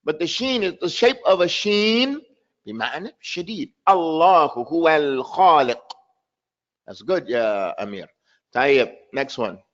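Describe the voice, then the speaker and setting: A man's voice: fairly high pitch, very animated, unhurried, fairly bright tone, dull audio. A man teaching an online language class, stressing and repeating words over and over to drill his students' pronunciation. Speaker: Arabic teacher.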